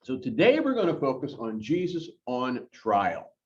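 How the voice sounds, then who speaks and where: A man who is an interim pastor leads a Bible study in a church chapel, talking in a lively, conversational way with frequent fillers. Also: mid-range voice, measured pace. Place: church chapel, in front of a live group. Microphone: corded mic, worn while moving about. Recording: distant, dull lo-fi sound.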